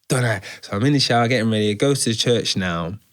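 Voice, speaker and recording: A man recounting his life story as a guest, in an animated, slangy storytelling way. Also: fairly low pitch, fast talker, no echo, clean studio sound. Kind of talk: conversational testimony.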